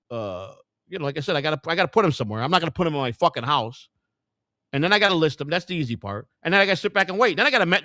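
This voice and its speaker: A man hosting a live stream, rambling and swearing as he thinks out loud to his chat. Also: fairly high pitch, no room sound, studio quality. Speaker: livestream host. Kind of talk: casual live-stream commentary.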